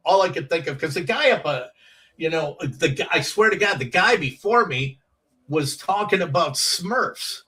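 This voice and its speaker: A man's voice: fairly high pitch, lively intonation, normal speed, pushed and bright, recorded from a distance. A middle-aged man, a guest comedian, telling rambling anecdotes on a chat show and acting out the quotes.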